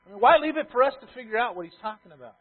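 A man with a fairly high voice delivers a sermon to his church. He slips between hushed, almost murmured asides and loud, emphatic repeated lines, often stopping to ask the congregation a question. The sound is thin and tinny, like a phone line. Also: lively intonation, very fast. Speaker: pastor.

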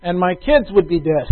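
A middle-aged male pastor giving a conversational sermon, swinging between loud emphatic lines and soft quiet asides. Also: high voice. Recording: tinny phone-like sound.

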